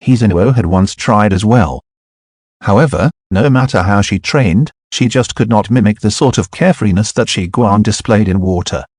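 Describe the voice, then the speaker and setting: A man narrating a web novel as an audiobook, measured and even. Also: on the low side, husky, dry recording, studio quality.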